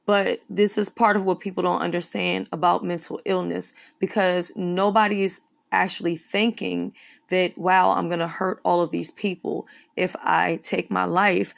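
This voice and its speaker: A woman's voice: fairly low pitch, creaky. A woman giving earnest, serious spoken commentary on a news story as an online commentator.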